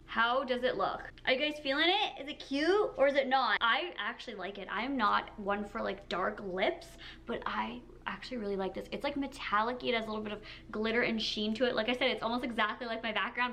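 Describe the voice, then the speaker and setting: A young woman in her twenties with a fairly high voice, chatting casually to her camera from a room at home. She gushes over each item she unboxes, swinging between breathy awe and quick chatter, with "like" and "oh my God" at every turn. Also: slight background noise. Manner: gushing, excitable, lots of "like" and "oh my God". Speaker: beauty vlogger. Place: indoor room with colored backdrop.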